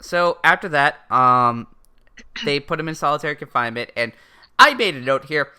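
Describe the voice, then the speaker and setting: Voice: medium pitch, expressive, normal speed, sharp tone, clean tone. A podcast co-host chatting casually about an anime, swearing freely and mimicking the characters. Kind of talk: casual chat recapping anime.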